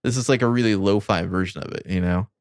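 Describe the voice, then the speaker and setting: A man's voice: fairly low pitch, fast, dry recording, studio quality. A man co-hosting a casual podcast, musing with hesitant, sardonic asides. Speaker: podcast co-host. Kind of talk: casual chat.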